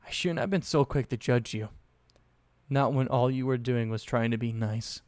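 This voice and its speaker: A man voicing a proud, prim young woman in a fan story reading, speaking in a measured and formal way. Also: mid-range voice, a little mellow, dry recording, natural voice. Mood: contrite.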